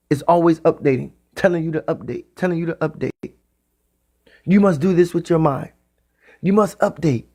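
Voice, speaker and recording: A man giving a spiritual talk in the style of a sermon. He speaks emphatically and repeats his phrases, sometimes drawing them out slowly. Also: a little high, a little mellow. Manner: repetitive, emphatic, drawn-out phrasing. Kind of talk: preaching monologue.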